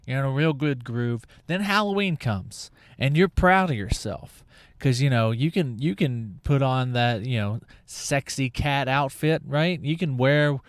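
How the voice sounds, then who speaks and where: A male podcast host who talks slowly through a sarcastic, rambling comedic monologue. His voice is smooth and clear, recorded close on a mic in a dry space with no room sound. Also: mid-range voice, lively intonation, no room sound. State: out of breath.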